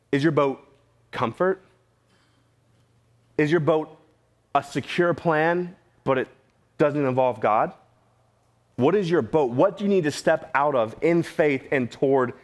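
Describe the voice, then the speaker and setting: A man preaching a sermon in a church, casual and conversational, with slang and repeated questions to the room. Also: medium pitch. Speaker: pastor. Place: church sanctuary.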